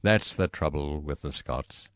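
A man voicing a gloomy, talkative middle-aged Scotsman who grumbles bluntly, pitched above his own voice. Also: a little slow, fairly bright tone, no echo. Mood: grumbling.

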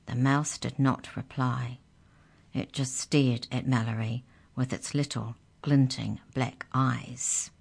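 A woman reading a children's story aloud in a gentle, expressive way. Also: very deep voice, slow, creaky, slightly rough.

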